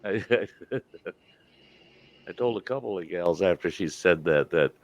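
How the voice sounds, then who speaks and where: Laughing older man, deep and dry. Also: expressive, unhurried, no echo, muffled recording. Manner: laughs often, rambling storyteller. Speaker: host. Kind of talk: casual chat.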